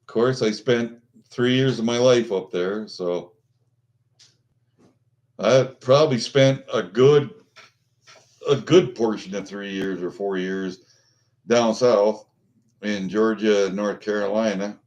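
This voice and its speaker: This middle-aged man talks loosely with his livestream viewers, rambling and swearing, with lots of fillers and restarts. His fairly low, slightly mellow voice moves slowly with frequent pauses, and the sound is lo-fi.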